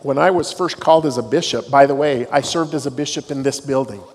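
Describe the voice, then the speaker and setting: A middle-aged dean of students gives a devotional talk in a large campus hall, telling stories with dry, self-deprecating humor. His medium-pitched voice is brisk and slightly rough, and the live room carries a long reverb.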